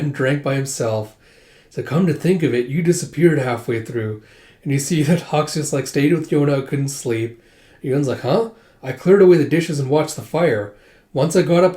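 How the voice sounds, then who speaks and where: A man casually retelling a manga volume, quickly quoting each character's lines with light changes of voice. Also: fairly high pitch, dark tone. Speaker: manga reader and reviewer. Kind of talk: casual readthrough narration with quick quoted dialogue. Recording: echoey room.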